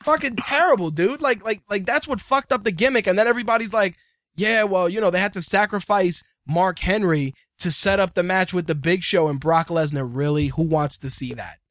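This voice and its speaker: A man's voice: sits high, a little fast, fairly bright tone, dry recording, clean studio sound. A man hosting a podcast, ranting in profane casual banter. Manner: ranting, swearing, mocking. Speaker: podcast host.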